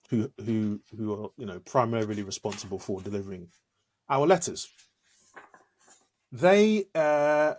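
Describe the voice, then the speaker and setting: A man's voice: mid-range voice, darkish tone, slightly rough. A man co-hosting a podcast in casual chat, explaining things in a storytelling way. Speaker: podcast co-host.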